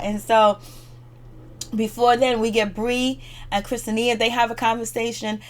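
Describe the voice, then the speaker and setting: A woman's voice: on the high side, flat delivery, moderate pace. A woman casually recapping a reality TV episode, chatty and slangy, laughing often as she talks. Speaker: show reviewer.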